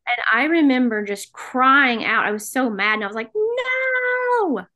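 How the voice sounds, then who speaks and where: A woman's voice: on the high side, normal speed, sharp tone. A middle-aged woman from the American South, telling her personal story as a podcast guest in an earnest, emotional way. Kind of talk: personal testimony in an interview.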